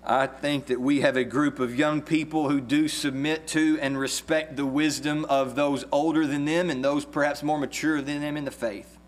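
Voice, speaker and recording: A man preaching a sermon as pastor, earnest and measured, with a few restarts. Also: fairly high pitch, little pitch movement.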